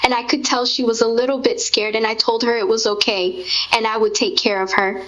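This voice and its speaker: A woman's voice: a little high, steady tone, brisk, a bit bright. A woman speaking as a grieving mother in a tender, heartfelt conversation. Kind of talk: intimate spoken conversation. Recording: dull lo-fi recording.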